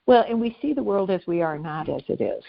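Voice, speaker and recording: A woman guest telling personal stories in an earnest, conversational way, dropping softly at tender moments. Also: fairly low pitch, lively intonation, fairly quick, creaky, highs cut off. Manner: earnest, anecdotal, speaks softly at emotional moments. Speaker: podcast guest. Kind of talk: conversational storytelling.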